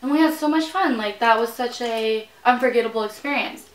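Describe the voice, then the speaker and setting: Higher-voiced giggly young woman guest. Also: brisk. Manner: giggly, teasing, asks lots of questions. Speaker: guest vlogger. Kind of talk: casual mukbang chat. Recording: echoey room, mic at a distance, faint noise.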